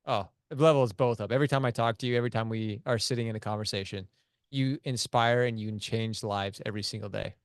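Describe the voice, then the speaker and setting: Male podcast guest, smooth clear voice, dry sound, enthusiastic and chummy. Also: lowish voice, steady tone, fast talker, dry recording. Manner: enthusiastic, says "dude" and "man" a lot. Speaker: podcast guest, media company founder. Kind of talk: casual podcast chat.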